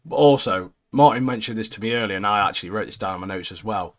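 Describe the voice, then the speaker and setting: A man with a young son, chatting casually on a podcast about anime. He talks in a loose, friendly way and laughs often. He sometimes jumps into animated impressions of characters. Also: lowish voice, fast. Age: adult with a young son. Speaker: podcast co-host.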